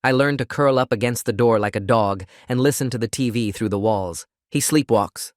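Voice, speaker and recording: A man narrating a first-person story in a steady, even reading voice. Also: mid-range voice, fairly quick, dry recording, clean studio sound. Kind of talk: scripted narration.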